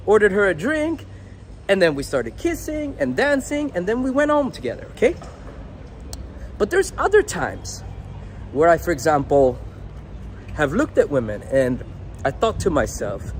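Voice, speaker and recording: A young dating coach talks to the camera outdoors, giving casual advice in a blunt, crude, unfiltered way. His high voice swings hugely in pitch at normal speed, with frequent pauses and slight background noise.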